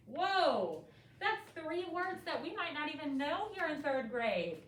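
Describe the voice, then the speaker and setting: A woman's voice: high-pitched, measured pace, distant mic, slight background noise. A young woman teaching a third grade reading lesson, quizzing pupils in an encouraging way, recorded from across the classroom. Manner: lively, encouraging questioning of pupils. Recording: echoey classroom from afar. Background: faint classroom ambience.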